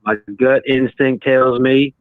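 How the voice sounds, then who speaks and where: A man's voice: medium pitch, flat delivery, slow, no room sound. Southern man on a tinny phone line. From South Carolina. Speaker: caller. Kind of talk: phoned-in call to a live show.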